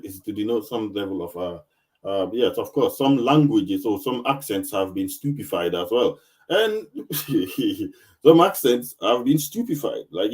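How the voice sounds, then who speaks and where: A man hosting a casual discussion, animated, often repeating himself and laughing. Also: mid-range voice.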